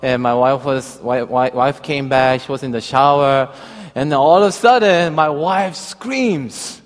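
A man's voice: medium pitch, moderate pace. A man preaching a sermon, telling a personal story and then reading scripture, with a hesitant, filler-heavy way of talking. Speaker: pastor. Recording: long reverb of a large hall.

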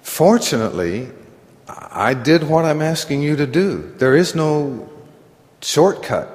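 Middle-aged male pastor, slow and earnest, conversational sermon with self-deprecating laughs, church hall reverb. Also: a little high, sing-song, a little mellow. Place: church sanctuary.

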